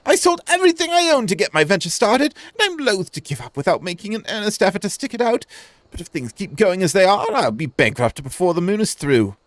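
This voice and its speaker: Man putting on a high, fretful merchant voice. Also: very animated, fairly quick, no echo. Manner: wheedling, fretful sales talk. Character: anxious struggling small-time male merchant.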